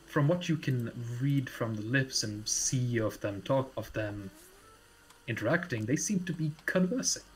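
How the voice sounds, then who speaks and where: A man's voice: mid-range voice, a little hiss or hum, rough recording. A man narrating as game master of a tabletop role-playing game, casual and full of fillers and restarts.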